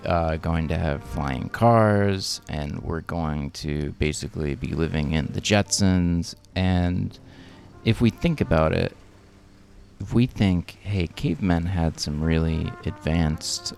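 A man talking in a casual podcast chat, explaining his ideas in a slow, measured way. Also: deep voice, vocal fry, a little mellow, faint music behind.

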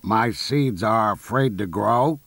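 A man voicing a fretful, impatient male toad who talks in a slow, earnest, worried way. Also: fairly low pitch, creaky, a bit bright, no echo, voice pushed up, full character voice.

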